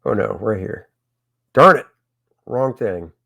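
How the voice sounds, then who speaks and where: Slow-talking man hosting a livestream. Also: on the low side, creaky. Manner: chatty and excitable, talking to viewers. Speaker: comic creator hosting a crowdfunding stream. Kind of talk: casual livestream chat.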